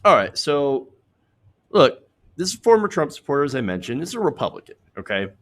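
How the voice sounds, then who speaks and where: Lively sarcastic male political commentator. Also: on the high side, moderate pace. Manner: animated, sarcastic, laughs at own jokes.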